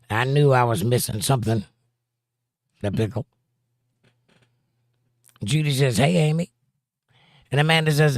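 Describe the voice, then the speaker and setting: A man's voice: fairly high pitch, dry recording, clean studio sound. A man hosting a casual livestream, greeting viewers by name and reading their chat messages aloud, with playful rhyming jokes.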